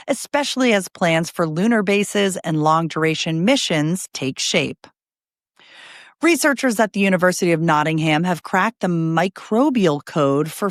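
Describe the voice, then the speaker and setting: Female news host, lowish voice, brisk roundup with chatty asides, dry close mic. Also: no echo.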